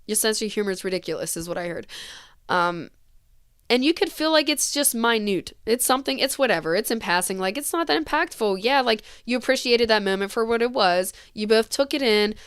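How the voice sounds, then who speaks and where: A woman gives a tarot reading in an earnest, gentle voice, wandering through her thoughts with small laughs. Her tone is smooth and clear. She sits close to a dry microphone. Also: a little high, lively intonation, fairly quick, no echo. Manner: earnest, gentle, rambling with fillers and little laughs. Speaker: tarot reader. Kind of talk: intuitive tarot reading for viewers.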